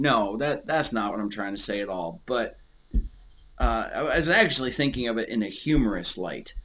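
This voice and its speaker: A man in casual conversation about faith, rambling and restarting, animated and emotional as he speaks. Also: medium pitch. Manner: rambling, animated, repeats words.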